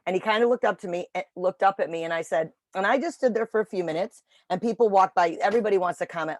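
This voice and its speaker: A woman telling a dog-training story in casual chat on a video call, animated when quoting. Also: mid-range voice, fast talker. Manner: chatty storytelling, animated voices for quotes. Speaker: puppy raiser trainer.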